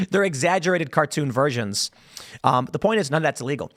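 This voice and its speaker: A man hosting a show, talking through the news in casual, opinionated commentary. His voice sits a little high for a man, and he keeps throwing out rhetorical questions. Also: animated, fast, a bit bright. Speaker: show host.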